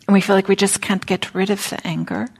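A woman teaching a dharma talk at a meditation hall, speaking gently and reflectively, often dropping near a whisper, with casual fillers. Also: medium pitch, flat delivery, fast, gravelly.

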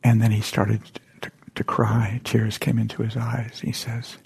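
Older man, dharma talk; dark, raspy voice, halting and soft-spoken. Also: lowish voice, monotone. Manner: gentle, halting storytelling with frequent whispered asides. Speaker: meditation teacher. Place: meditation center hall.

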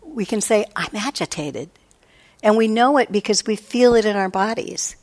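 A woman's voice: a little high, moderate pace, a little mellow. A woman meditation teacher giving a reflective dharma talk, often voicing her own inner thoughts. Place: meditation hall.

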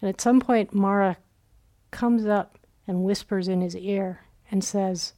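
Woman teacher telling a dharma story, unhurried and soft-toned, acts out the voices in it. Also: mid-range voice, fairly even intonation. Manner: reflective storytelling, acts out quoted inner voices. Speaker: meditation teacher. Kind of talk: dharma talk. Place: retreat center meditation hall.

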